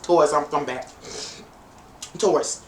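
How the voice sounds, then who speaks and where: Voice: medium pitch, unhurried. Chatty tarot reader in echoey room. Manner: chatty, playful, teasing asides. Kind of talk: live-stream tarot reading. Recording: echoey room, distant from mic, faint noise.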